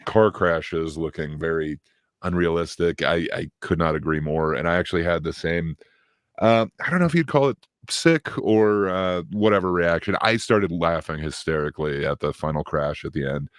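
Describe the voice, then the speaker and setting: A man with a very low voice talks through a film review in a casual, meandering way, stopping and restarting often and leaning on fillers. The sound is dry and close, with no room around it. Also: normal speed, clear, resonant tone, no echo. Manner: rambling, hesitant, many fillers and restarts. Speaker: podcast co-host reviewing films.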